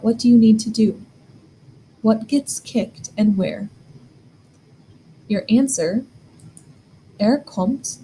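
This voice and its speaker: A woman's voice: medium pitch, warm tone, slight background noise, rough recording. A woman teaching a German grammar lesson, explaining step by step and asking the learner questions.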